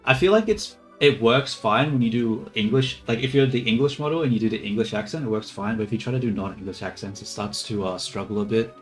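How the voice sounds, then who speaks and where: A man with a lowish voice talks casually while testing AI voice bots. He rambles, trails off and swears freely. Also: quick pace, hardly any pauses, soft background music. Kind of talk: casual chat.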